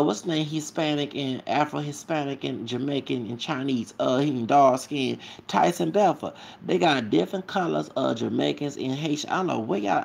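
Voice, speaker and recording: A man's voice: fairly high pitch, creaky, slightly rough. A man ranting casually to his camera as a vlogger, rambling and repetitive, with emphatic asides.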